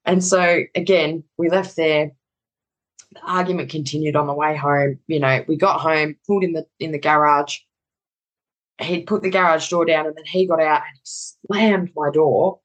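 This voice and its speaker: A woman's voice: deep voice, moderate pace, low-quality recording. A woman in her thirties with an Australian accent, a guest in an interview, candidly recounting a hard personal story and acting out what she thought and said along the way. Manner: animated retelling with quoted inner dialogue.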